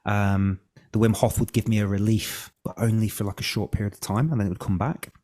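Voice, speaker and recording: A man's voice: on the low side, fairly even intonation, brisk, darkish tone. Candid man telling his story. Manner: candid, swears, acts out his own past thoughts. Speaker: breath coach, podcast guest. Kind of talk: casual interview storytelling.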